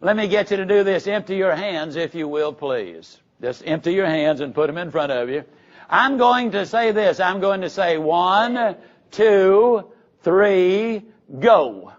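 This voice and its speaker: High-voiced motivational speaker. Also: male voice, animated, unhurried. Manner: folksy storytelling with jokes and audience instructions. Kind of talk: live motivational speech. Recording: dull lo-fi recording.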